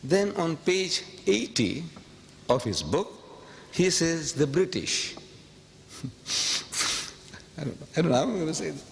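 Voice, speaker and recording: A man's voice: expressive, unhurried, vocal fry, long pauses. Emphatic man lecturing in a reverberant hall. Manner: emphatic, rhetorical, repeats phrases for effect; swings from quiet asides to sudden high outbursts. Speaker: public speaker. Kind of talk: public lecture to an audience. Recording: long hall reverb, faint background noise.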